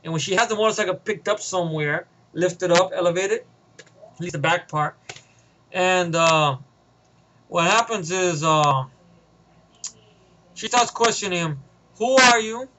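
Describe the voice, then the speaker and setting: High-voiced man rambling a story. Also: a little slow, long pauses, bright, forceful tone, poor audio. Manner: rambling, casual slang, swearing. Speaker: vlogger. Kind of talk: rambling movie pitch.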